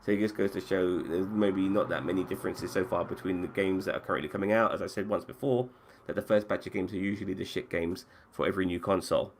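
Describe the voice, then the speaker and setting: A man with a fairly low voice hosts a relaxed talk about games. He swears easily and trips over his sentences, and there is a faint hiss behind him. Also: fast. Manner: casual, swears freely, restarts sentences. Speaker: podcast host. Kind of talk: casual chat about games.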